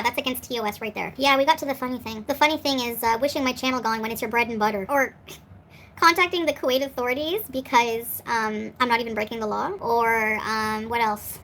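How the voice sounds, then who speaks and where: A woman's voice: fairly high pitch, fast talker, a bit bright, a little hiss or hum, rough recording. A woman in her forties ranting on a livestream, defiant and sarcastic, answering chat as she goes. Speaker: streamer answering live chat.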